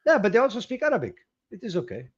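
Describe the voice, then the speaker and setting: A man with a slightly high voice cracks jokes and laughs a lot in loose banter, often tripping over his own words. His sound comes through a dull, muffled lo-fi call line. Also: wildly swooping pitch, rapid-fire, slightly rough. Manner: joking, laughs often, stammers and restarts. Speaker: guest co-host. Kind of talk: casual banter.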